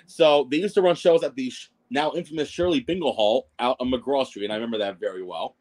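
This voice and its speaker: Man, podcast guest, casual storytelling, rambling, self-deprecating, frequent fillers, medium pitch. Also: fast, darkish tone. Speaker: podcast guest, wrestling ring announcer.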